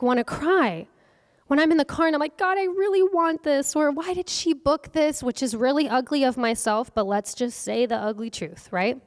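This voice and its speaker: A young adult woman giving an earnest, conversational workshop talk on faith and acting, often asking her audience questions. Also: a little high. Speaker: workshop speaker. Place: event hall. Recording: long hall reverb.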